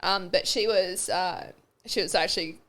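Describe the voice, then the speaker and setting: Woman, interview guest, animated storytelling, casual swearing. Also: on the low side, normal speed.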